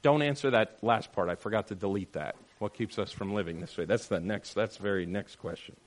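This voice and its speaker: A man leading a Bible study group, teaching in an animated, questioning way and acting out quotes. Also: lowish voice, brisk.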